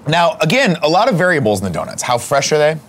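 A man co-hosting a comedy podcast in casual chat, loud, excitable and full of swearing. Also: fairly high pitch, quick pace, a little hiss or hum. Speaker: podcast co-host.

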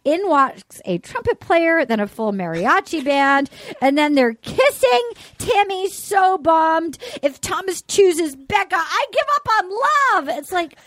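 A woman co-hosting a chatty podcast, her high voice swooping up and down as she recaps, swears freely and acts out what people said. The sound is dry and close. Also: unhurried, no room sound. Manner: animated, swears often, acts out quotes in shifting voices. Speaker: podcast co-host. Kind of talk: casual recap chat.

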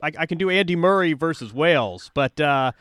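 A man interviewing a guest, asking questions in a halting way and often repeating words. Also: a little high, expressive, fairly bright tone, clean tone. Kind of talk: conversational interview.

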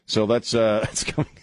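A man hosting a talk radio show, rambling and joking in a casual on-air chat, often chuckling as he talks. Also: fairly low pitch. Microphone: studio broadcast mic.

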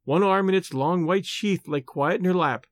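A man narrating a story in the first person, reading in a measured, expressive manner. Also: sits high, no echo. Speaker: audiobook narrator. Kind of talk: scripted narration.

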